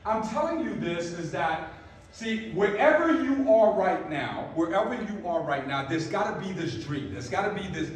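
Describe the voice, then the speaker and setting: High-voiced man in his fifties, echoey room. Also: lively intonation, normal speed, slight background noise. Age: 50s. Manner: emphatic, repeats phrases, keeps asking "right?". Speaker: motivational speaker. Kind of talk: motivational talk to a live audience. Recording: echoey room from far off, faint background ambience.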